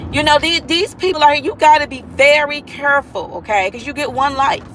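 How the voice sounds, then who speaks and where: A woman's voice: high voice, brisk, fairly bright tone, slight background noise, poor audio. A mother talking to viewers in a casual vlog monologue, earnest and emphatic, repeating herself and pleading with listeners.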